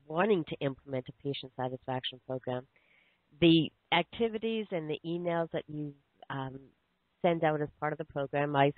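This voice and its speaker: A woman podcast host asking questions in a phone interview, halting with fillers and restarts. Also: deep voice, no room sound. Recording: tinny phone line, dry.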